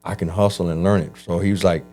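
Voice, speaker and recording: Guy, low mellow voice, animated storyteller doing the voices, restarts a lot. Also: quick pace, soft background music. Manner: animated, acts out quoted voices, frequent restarts. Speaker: guest telling his life story. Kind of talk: conversational storytelling.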